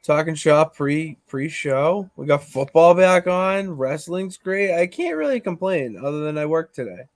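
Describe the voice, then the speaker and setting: A man's voice: fairly high pitch, animated, measured pace, dry recording, clean studio sound. A man co-hosting a casual sports podcast, bantering in a playful, teasing way. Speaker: podcast co-host.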